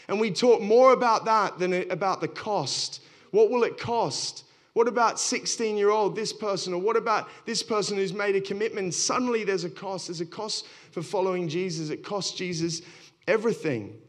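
A pastor telling stories from the pulpit in a frank, self-mocking way. His voice sits a little high for a man. He talks straight to the congregation. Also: moderate pace, a bit bright. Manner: candid storytelling, self-deprecating. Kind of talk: sermon.

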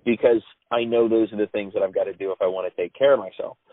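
A man in casual conversation who talks haltingly with many fillers. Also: lowish voice, steady tone, dry recording. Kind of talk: casual chat. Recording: dry, tinny phone-like line.

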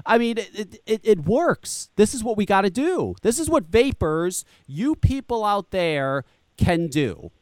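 A man's voice: high voice, sing-song, a little slow, no echo. A man co-hosting a talk show, emphatic and profane, repeating words as he pushes a point. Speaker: podcast co-host. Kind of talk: animated advocacy talk show chat.

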